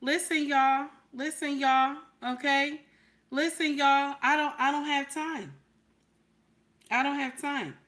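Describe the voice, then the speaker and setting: Sassy bright-voiced woman streamer. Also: sits high, slow. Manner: preachy, repetitive, sassy. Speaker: live-stream host. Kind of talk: casual live-stream commentary.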